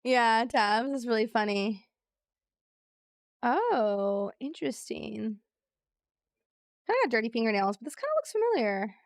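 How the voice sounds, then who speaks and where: A woman's voice: a little high, expressive, measured pace, long pauses, dry recording, studio quality. A woman streaming a trivia game, chatting casually with her viewers, reading clues aloud and laughing easily. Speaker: live streamer. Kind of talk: casual live-stream chat while playing a trivia game.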